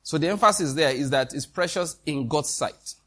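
A man's voice: fairly high pitch, moderate pace, fairly bright tone. Man preaching. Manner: conversational preaching with quoted dialogue and rhetorical questions. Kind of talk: sermon.

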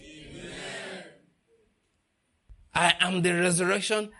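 A middle-aged male preacher giving a sermon, swinging between hushed emphasis and loud bursts, laughing often. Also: fairly high pitch, lively intonation, moderate pace, long pauses.

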